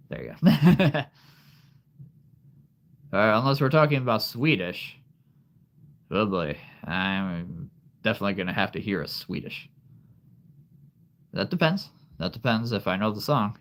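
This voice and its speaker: A man's voice: on the low side, sing-song, unhurried, long pauses. A man hosting a live stream, chatting casually with viewers, laughing often and answering their questions. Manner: laughs often, easygoing, reads and answers chat. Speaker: livestream host.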